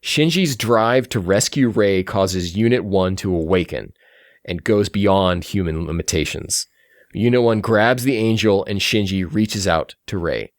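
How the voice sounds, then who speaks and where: A man hosting a podcast, giving an animated, enthusiastic plot recap in casual chat. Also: lowish voice, measured pace, dry recording, studio quality. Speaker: podcast host recapping a film.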